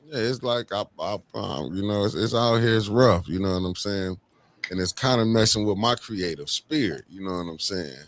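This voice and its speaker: A man's voice: lowish voice, moderate pace. Slangy man greeting livestream viewers. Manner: slangy, shouts out viewers by name. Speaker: livestream host. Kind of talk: casual livestream chat.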